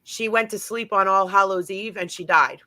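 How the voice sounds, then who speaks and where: A woman's voice: medium pitch, normal speed, sharp tone, no echo, low-quality recording. A woman guest earnestly telling a personal ghost story, repeating phrases as she goes.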